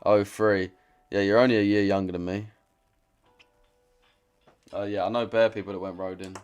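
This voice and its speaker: A man's voice: fairly low pitch, fairly even intonation, normal speed, darkish tone, faint music behind. Blunt young London man on stream. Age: 20s. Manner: blunt, slangy, swears freely, reads chat aloud. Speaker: trading streamer. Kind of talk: casual livestream chat.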